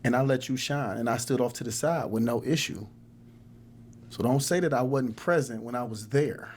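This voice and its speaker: A man's voice: mid-range voice, moderate pace, a little mellow, a little hiss or hum. A man guest on a dating show, talking casually and defending himself emphatically. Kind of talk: casual chat.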